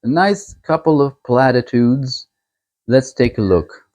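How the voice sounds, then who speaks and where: On his book channel, a man casually shows off a book set and reviews a novel, thinking aloud unhurriedly and chuckling along the way. His mid-range voice is animated, with a darkish tone.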